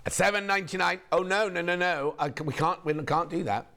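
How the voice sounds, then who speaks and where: A hoarse man presenting on a shopping channel, chatting in a gossipy, rambling way between sales points. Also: sits high, brisk, bright, forceful tone, a little hiss or hum. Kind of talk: casual live sales chat.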